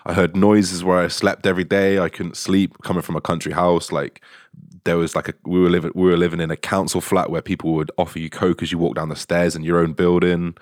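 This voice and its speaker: A young man with a deep, low-pitched voice talks in a relaxed, animated way, full of swearing and quick laughs. His voice is recorded close and dry, with no room sound. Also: no room sound. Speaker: online fitness coach, guest. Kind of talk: casual podcast storytelling.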